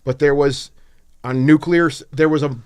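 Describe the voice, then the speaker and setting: A man co-hosting a film podcast, telling a story with lively acted-out quotes and casual swearing. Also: fairly high pitch, moderate pace, clean tone, no echo, clean studio sound. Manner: animated storyteller, acts out quotes, swears freely. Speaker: podcast co-host. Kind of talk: casual chat.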